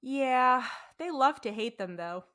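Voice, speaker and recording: A woman hosting a casual podcast chat, her voice high and sparkling. She prompts her guest, reacts quickly and repeats funny words back with a laugh. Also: expressive, sharp tone. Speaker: podcast host.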